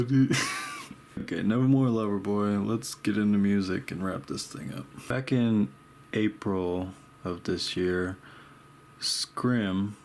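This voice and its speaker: Slow, gravelly-voiced young man rambling. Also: low voice, a little hiss or hum. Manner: laid-back, rambling, says dude and bro. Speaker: art vlogger. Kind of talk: casual rambling chat while painting.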